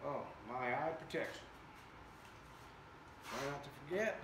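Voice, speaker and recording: An American man with a voice on the high side speaks a little slowly and animatedly as he tests air guns in his indoor workshop, joking with viewers. The casual vlog is recorded by a camera far away. Echo and background noise are present.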